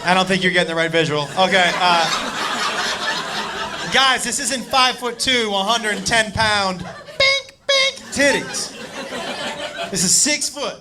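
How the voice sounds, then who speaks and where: A man doing stand-up comedy on a club stage, telling a wild story loudly and laughing through his punchlines. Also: high-pitched, normal speed. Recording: live club set with audience laughter. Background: crowd laughter and room noise.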